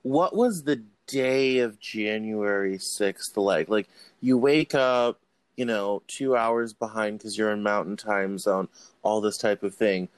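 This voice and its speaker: A man's voice: lowish voice, slow, smooth, no room sound. Casual male host, dry sound. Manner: casual, conversational. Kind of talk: conversational interview.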